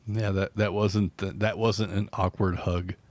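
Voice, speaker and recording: A man's voice: sits low, flat delivery, a little slow, darkish tone, dry recording. A man co-hosting a podcast in casual chat, with a dry, teasing manner. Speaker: podcast co-host.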